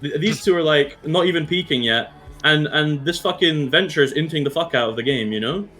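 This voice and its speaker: A man with hiccups coaches his esports team through a match review, blunt and direct, swearing freely and checking in with his players often. His voice is on the high side, a bit bright and a little fast, with faint music behind.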